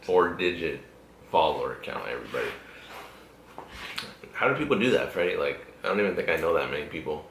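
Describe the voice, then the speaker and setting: A man's voice: very deep voice, big pitch swings, brisk, gravelly, long pauses, fairly bright tone, slight background noise. A young man hosting a podcast, talking loosely with lots of swearing and laughter. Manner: laid-back, profane, frequently laughing. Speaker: podcast host. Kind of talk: casual chat. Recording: echoey room.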